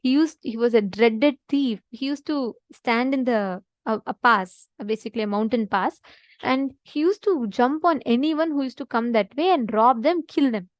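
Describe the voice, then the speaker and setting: A woman's voice: a little high, moderate pace, dry recording. A woman giving a spiritual discourse, telling stories earnestly and putting questions to her listeners. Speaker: spiritual teacher.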